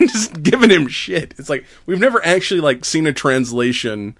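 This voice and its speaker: Animated laughing man, dry sound. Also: a little high, normal speed, no room sound. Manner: animated, laughs often, acts out quotes. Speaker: podcast co-host. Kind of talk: casual chat.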